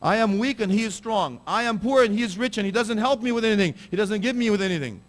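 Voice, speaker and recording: A man's voice: high-pitched, fast talker, voice pushed up, lightly acted. A man preaching who voices an old, weak, poor father lamenting that his grown son neglects him. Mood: grieving. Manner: raised, grieving lament.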